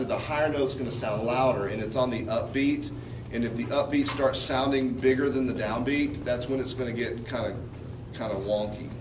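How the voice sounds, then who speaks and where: A man's voice: medium pitch, background noise. Man coaching a band, counting off. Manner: counts off and coaches between run-throughs. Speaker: band director. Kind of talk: rehearsal instruction. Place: rehearsal room. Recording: roomy, distant, with loud band playing. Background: band playing.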